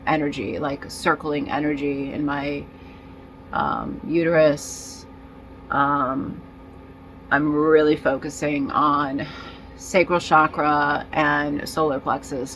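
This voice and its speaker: A woman talking in a casual personal vlog, rambling and halting with many fillers and restarts, in nicotine withdrawal and feeling disoriented. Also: low voice, fairly bright tone, slight background noise, poor audio. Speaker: vlogger.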